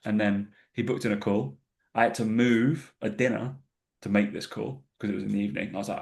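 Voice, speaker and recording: A man's voice: on the low side, flat delivery, a little fast, creaky, darkish tone. A British man co-hosting a casual fitness podcast, chatty and swearing as he tells anecdotes. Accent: British English. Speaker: podcast co-host, personal trainer.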